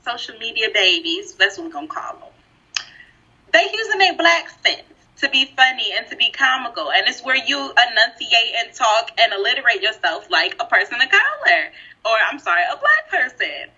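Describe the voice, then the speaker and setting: A woman co-hosting a casual podcast discussion, talking in an animated, emphatic way and laughing often. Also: fairly high pitch, normal speed, breathy edge. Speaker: podcast co-host. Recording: dull lo-fi recording.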